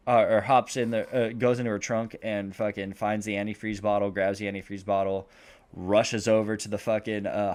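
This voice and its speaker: Man, somewhat low voice, casual podcast chat, rambling, heavy swearing, lots of fillers. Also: darkish tone. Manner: profanity-laced, rambling, many fillers. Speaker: podcast co-host. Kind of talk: casual chat retelling a movie plot.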